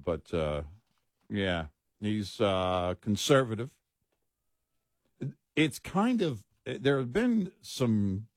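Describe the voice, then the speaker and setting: Low-voiced male radio co-host, dry. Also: dry recording. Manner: knowledgeable, restarts sentences. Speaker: radio talk show co-host. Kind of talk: casual radio chat. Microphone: studio mic.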